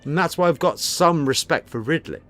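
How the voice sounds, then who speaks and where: A man's voice: fairly high pitch, lively intonation, normal speed, a bit bright. A man streaming live, telling a rambling, profane story and lecturing his chat, repeating himself for emphasis. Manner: storytelling, preachy.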